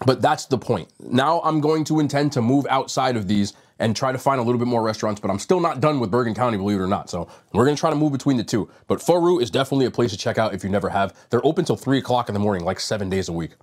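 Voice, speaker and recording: A man's voice: medium pitch, expressive, quick pace, few pauses. A man from New Jersey reviewing restaurant food on his vlog, talking casually and rambling a little while he eats. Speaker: food vlogger.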